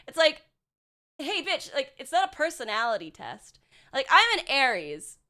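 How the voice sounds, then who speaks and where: A woman's voice: high-pitched, sing-song, normal speed, bright, forceful tone. A young woman streaming as a VTuber, chatting casually and bluntly with her chat, swearing and sarcastic, full of filler words.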